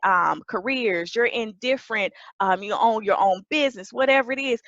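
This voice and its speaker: A woman pastor preaching an emphatic sermon that rises to shouts. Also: high voice, dry recording, lo-fi sound.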